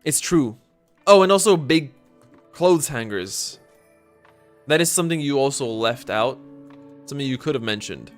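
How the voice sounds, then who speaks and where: A man's voice: medium pitch, animated, normal speed, pauses often, soft background music. Sarcastic man streaming a game. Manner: casual, sarcastic, joking asides. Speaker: streamer playing games. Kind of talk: live gameplay commentary.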